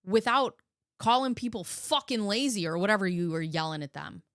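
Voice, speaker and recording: A woman's voice: medium pitch, expressive, normal speed, fairly bright tone, no echo, clean studio sound. A woman hosting a live reaction stream, talking bluntly and sarcastically and swearing freely. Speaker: host reacting to video clips. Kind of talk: casual live reaction commentary.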